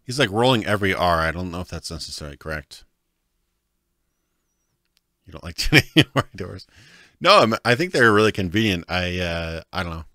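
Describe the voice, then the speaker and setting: A man's voice: low-pitched, sing-song, moderate pace, long pauses, pushed and bright, dry recording, clean studio sound. A man casually commenting as he streams a video game, rambling, laughing often and saying "like" a lot.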